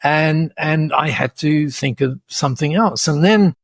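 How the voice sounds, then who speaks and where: Gravelly, husky man telling animated stories. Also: a little high, a little slow, no echo. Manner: animated, laughing storyteller with many restarts. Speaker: podcast guest, speaker. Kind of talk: storytelling in conversation.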